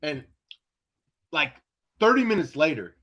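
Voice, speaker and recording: Higher-voiced man telling a rowdy story. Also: a little slow. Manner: animated, profane, laughing storyteller. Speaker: podcast co-host. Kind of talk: casual storytelling chat.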